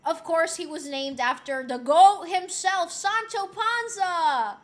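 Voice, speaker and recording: Excitable high-voiced woman. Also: unhurried. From Puerto Rico. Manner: excitable, swears freely, laughs often. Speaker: streamer. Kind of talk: casual live-stream chat.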